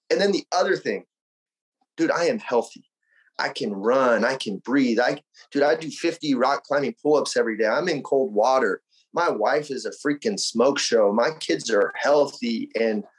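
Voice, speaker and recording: A man from Arizona speaks as a podcast guest, his voice slightly husky with a mid-range pitch. He talks in a loose, energetic way, blunt and peppered with swearing. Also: low-quality recording. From Arizona, United States. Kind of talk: casual conversation.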